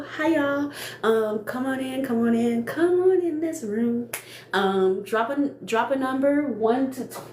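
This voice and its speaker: On a phone live stream, a young woman who runs a small cosmetics business chats earnestly from her indoor makeup room, laughing a lot and repeating her words. She is emotional and almost crying, her rather high, darkish voice ringing in the echoey space against a faint hiss of noise.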